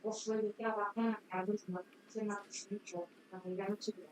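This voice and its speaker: A woman chatting casually in the room, quickly explaining things. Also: medium pitch, level tone, darkish tone, slight background noise, low-quality recording. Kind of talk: casual chat off-mic.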